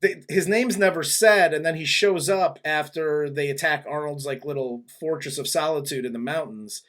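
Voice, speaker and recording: Guy rambling thru movie scenes, kinda high voice, laughs a lot, swears. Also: normal speed, fairly bright tone. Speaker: movie review podcast host. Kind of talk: casual movie review chat.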